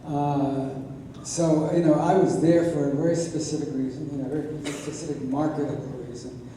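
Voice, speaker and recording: An eighty-two-year-old man tells wry stories to a convention crowd, stumbling and restarting as he goes. His voice sits a little high for a man. It comes from far off in a big echoing hall with a long reverb. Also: steady tone, normal speed, dark tone, a little hiss or hum. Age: 80s. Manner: rambling, self-correcting, wry. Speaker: convention panel guest. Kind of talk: convention Q&A storytelling.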